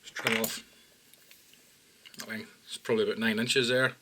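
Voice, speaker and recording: Man, calm tutorial voice, plain instructions, quiet moments, faint background noise. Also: lowish voice, moderate pace. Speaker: fly-tying instructor. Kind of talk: step-by-step tutorial narration.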